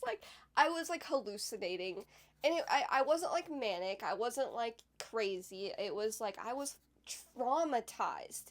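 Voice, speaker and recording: A young woman telling a personal story in a casual vlog, chatty and full of "like," with emphatic bursts. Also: on the high side. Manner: chatty, fills speech with "like", emphatic swings in loudness. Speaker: podcast host.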